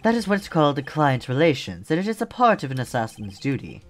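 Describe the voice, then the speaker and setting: A man voicing a courteous, polite assassin with soft menace. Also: mid-range voice, sing-song, soft background music, pitched above the performer's own voice. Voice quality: measured, mannered politeness. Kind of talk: reading game dialogue aloud.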